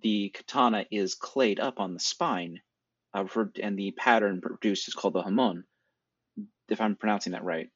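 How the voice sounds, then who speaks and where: A man with a low voice, recorded dry and a little muffled on a home setup. He talks through film details in a casual, explanatory way, going on at length about sword styles and old movies. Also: normal speed, fairly bright tone, husky, no echo. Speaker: podcast co-host. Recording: dry, dull lo-fi sound.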